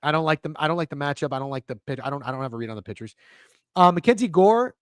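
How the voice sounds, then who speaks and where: An excitable young man riffs through his betting picks in a loose, profane ramble, tripping over restarts. His pitch leaps around in a very animated way. The sound is dry and close, with no room around it. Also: rapid-fire, smooth, no room sound. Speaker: sports betting show host. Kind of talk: casual livestream betting talk.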